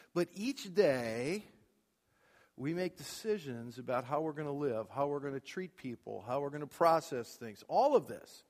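Casting note: middle-aged male pastor, high voice, emphatic preaching, long hall reverb. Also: expressive, normal speed. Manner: emphatic preacher, swings between loud declarations and quiet asides. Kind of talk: sermon. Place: church sanctuary.

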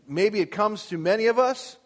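A man's voice: sits high, moderate pace. A man preaching a sermon in a church, pressing his point with rhetorical questions and rising emphasis. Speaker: pastor. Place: church with a sound booth. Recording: long hall reverb.

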